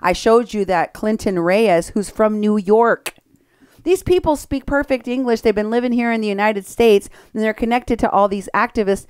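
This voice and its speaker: A woman hosting an opinionated political commentary show, talking briskly and sarcastically and laughing at her targets. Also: mid-range voice, a little mellow, clean tone, no room sound, studio quality.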